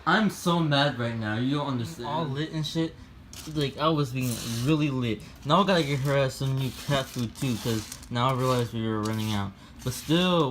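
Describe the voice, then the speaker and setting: A young man vlogging alone at home, crude and swearing, going from mumbling to loud outbursts. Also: medium pitch, moderate pace, slight background noise. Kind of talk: casual solo vlog. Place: home room.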